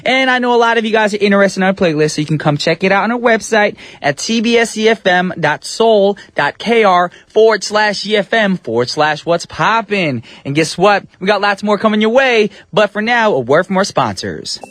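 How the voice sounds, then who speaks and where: A man's voice: high-pitched, lively intonation, fairly quick, hardly any pauses, fairly bright tone, dry recording. A male radio DJ hosting his show in a studio, talking in an upbeat, chatty, slangy way. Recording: radio broadcast with faint music beds.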